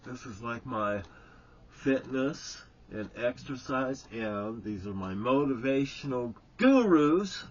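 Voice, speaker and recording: Chatty man vlogger, meandering storyteller, muffled lo-fi audio with faint room hum. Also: medium pitch. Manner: meandering, chatty, full of asides and restarts. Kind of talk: casual rambling storytelling. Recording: dull lo-fi sound with faint ambience.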